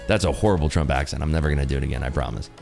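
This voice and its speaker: A man's voice: extremely low pitch, steady tone, very fast, vocal fry, a little mellow, faint music behind. A tired man hosting a day-trading livestream, joking and reading chat aloud in casual talk.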